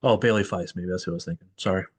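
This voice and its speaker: A man with a fairly low voice hosts a casual soccer podcast, rambling and thinking aloud. The recording is close and dry. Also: very fast, slightly rough, dry recording. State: tired. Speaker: podcast host. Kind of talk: casual sports chat.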